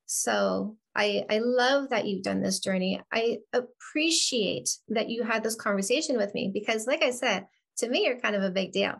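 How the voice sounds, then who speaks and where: A woman hosting an interview, speaking earnestly and warmly affirming her guest, often repeating phrases. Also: on the high side, normal speed, vocal fry, hardly any pauses. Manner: earnest, affirming, a bit repetitive. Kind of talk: interview conversation.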